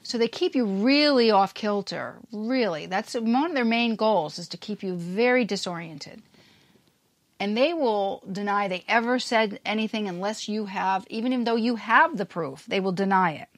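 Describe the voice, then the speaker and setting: A woman's voice: medium pitch, expressive, normal speed, no room sound. A woman hosting a podcast, explaining a topic in a casual, emphatic way and briefly acting out quoted lines. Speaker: podcast host.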